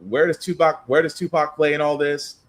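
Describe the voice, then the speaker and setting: A man's voice: a little high, flat delivery, brisk. A man hosting a casual podcast chat, leading the talk and handing topics to his co-hosts. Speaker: podcast host.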